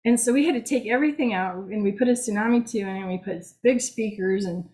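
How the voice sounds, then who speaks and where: A woman's voice: medium pitch, quick pace, mellow, rough recording. Chatty woman giving a club talk. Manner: chatty, self-mocking, laughs often. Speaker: museum executive director. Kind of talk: casual talk to a club meeting.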